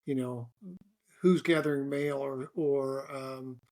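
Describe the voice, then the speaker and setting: A man's voice: mid-range voice, fairly even intonation, slow pace, darkish tone. A middle-aged man hosting an interview, asking long questions with many restarts and fillers. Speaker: host and interviewer.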